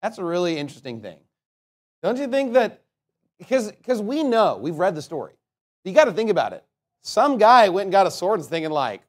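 Animated male preacher, higher voice. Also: moderate pace. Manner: animated, rhetorical questions, laughs at own asides. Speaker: pastor. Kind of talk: sermon.

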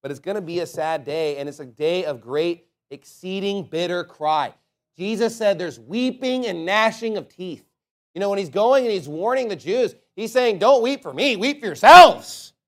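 Male preacher, high voice, impassioned sermon, loud emphatic peaks, quiet low asides, king james scripture. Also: lively intonation, normal speed.

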